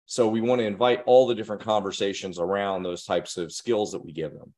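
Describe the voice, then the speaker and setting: A man's voice: on the low side, steady tone, brisk, darkish tone. A man giving an earnest, direct instructional talk to parents and educators, often putting questions to his listeners.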